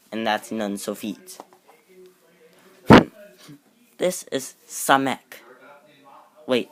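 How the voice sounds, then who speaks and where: A man giving an informal lesson on an alphabet, unhurried and self-correcting, with jokey asides. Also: mid-range voice, a bit bright. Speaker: amateur teacher.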